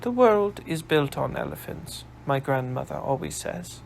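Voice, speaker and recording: A calm, resolute young revolutionary woman speaks matter-of-factly, her voice a touch high and unhurried, as a male narrator puts her on. There is a slight gravel beneath her steady tone. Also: slight background noise, full character voice. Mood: earnest, resolute.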